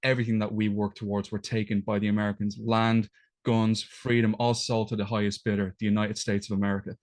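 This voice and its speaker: A man voicing a bitter, resentful soldier commander in a flat retelling. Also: on the low side, fast, natural voice.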